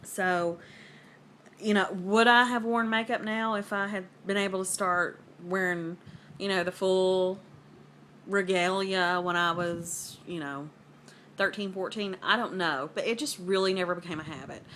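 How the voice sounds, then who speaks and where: A woman's voice: mid-range voice, steady tone, unhurried, a bit bright, slight background noise. A woman in her thirties with a Southern US accent, rambling casually to the camera at home. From American South. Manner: rambling, filler-heavy, conversational. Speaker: vlogger.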